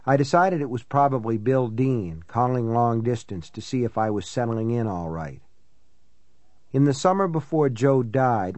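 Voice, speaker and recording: A man reads a first-person novel aloud at a measured, reflective pace. His voice sits in a middle pitch and sounds dry and close to the mic. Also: darkish tone, dry recording. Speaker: audiobook narrator.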